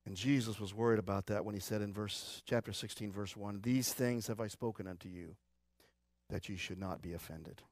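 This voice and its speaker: A man preaching a church sermon, swinging between loud urgent exhortation and quiet low asides, with a Midwestern American accent. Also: fairly quick, no room sound, clean studio sound. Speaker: pastor. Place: church sanctuary.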